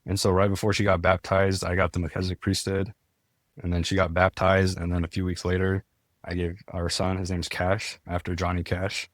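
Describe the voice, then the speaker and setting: A man's voice: deep voice, monotone, fairly quick, dry recording, clean studio sound. A young man, a podcast guest, telling his story in a casual, earnest way, full of "like" and restarts. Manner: earnest, many "like" fillers and restarts.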